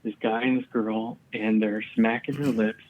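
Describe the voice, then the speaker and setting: A man's voice: on the low side, level tone, normal speed, narrow, tinny audio, a little hiss or hum. A man, a comedian guest, telling rambling stories in casual chat and swearing often.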